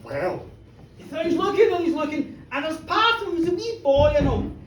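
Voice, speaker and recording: A woman telling a comic story to a live audience in a bar, playful and animated, acting out the characters. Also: sits high, a little fast, slight background noise. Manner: animated, playful, acts out a boy's voice. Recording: echoey bar recorded from far off.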